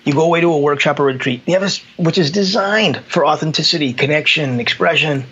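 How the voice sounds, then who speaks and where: A man's voice: on the high side, fast talker, fairly bright tone, husky, dull audio. A man, a consultant, talking casually and telling stories with acted quotes and frequent restarts. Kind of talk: casual conversation.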